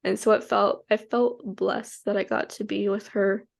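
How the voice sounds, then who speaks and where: A woman's voice: medium pitch, steady tone, normal speed, vocal fry. A young woman co-hosting a podcast, chatting casually in a rambling way with many restarts. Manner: rambling, full of restarts and fillers. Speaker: podcast co-host. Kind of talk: casual chat.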